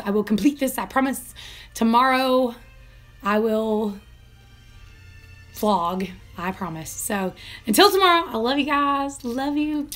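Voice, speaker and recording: A woman's voice: fairly high pitch, fairly bright tone. A young woman chatting casually in a home vlog, telling rambling stories and laughing often. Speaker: vlogger.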